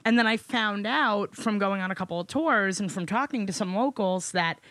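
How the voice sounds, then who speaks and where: A woman's voice: medium pitch, moderate pace, dry recording. Brash New York woman, comedian guest, swears freely, tells stories with energy, recorded dry. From New York City. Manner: blunt, profane, animated storytelling. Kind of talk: casual podcast chat.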